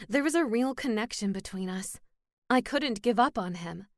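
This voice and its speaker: A woman narrating a first-person cozy mystery audiobook in a steady, wry storytelling manner, close to the mic. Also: a little high, moderate pace, dry recording.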